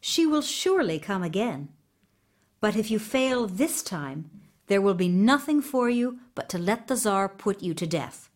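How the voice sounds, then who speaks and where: A woman voicing a gentle, wise little male horse who speaks slowly and soothingly in a storybook reading. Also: medium pitch, big pitch swings. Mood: reassuring. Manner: soothing, slow and reassuring.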